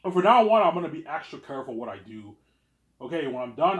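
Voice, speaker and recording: A man's voice: a little high, very animated, fast talker, fairly bright tone, echoey room. A young man rambling in a casual vlog monologue, repeating words and restarting his sentences often. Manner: repetitive, stammering restarts. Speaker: vlogger.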